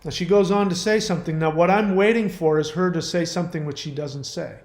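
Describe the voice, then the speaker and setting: A man's voice: on the high side, fairly even intonation, fairly quick. Blunt man talking in an echoey room. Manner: blunt, emphatic, tells personal stories. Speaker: host. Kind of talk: commentary on a viewer's message.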